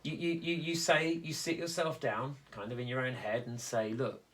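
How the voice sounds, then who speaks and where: A man speaking earnestly in a reflective conversation, halting and restarting as he explains how he copes with loss. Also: medium pitch, fairly even intonation, fairly bright tone. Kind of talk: reflective conversation about grief.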